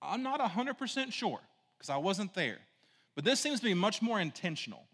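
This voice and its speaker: A man's voice: high voice, sing-song, moderate pace, a bit bright, husky, long reverb tail. A man preaching a conversational sermon, casual and rambling, full of asides and "right?" checks to the congregation. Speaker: pastor.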